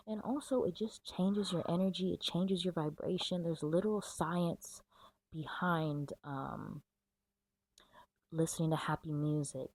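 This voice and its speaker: A woman's voice: deep voice, darkish tone, slightly rough, dry recording, low-quality recording. A woman giving a casual, chatty tarot reading to camera, full of fillers and a little out of breath. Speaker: tarot reader.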